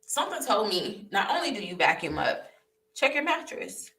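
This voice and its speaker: A woman's voice: medium pitch, moderate pace. A young woman vlogging her personal testimony, telling the story candidly and animatedly, repeating herself and laughing. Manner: animated, repetitive, laughing as she recounts. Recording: roomy echo, voice a bit far from the mic.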